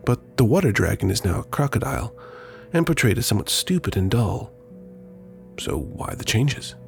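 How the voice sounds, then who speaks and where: A podcast host narrates from a script in a low, lively voice with a dry, playful touch. His pitch moves a lot through the phrases. Soft music plays underneath. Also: vocal fry.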